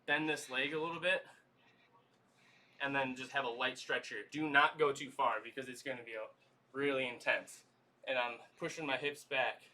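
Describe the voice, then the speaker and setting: A man leading a livestream workout, coaching stretches in a relaxed, chatty way. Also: medium pitch, distant mic. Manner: easygoing, coaching with lots of "y'all" and "okay?". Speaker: fitness trainer.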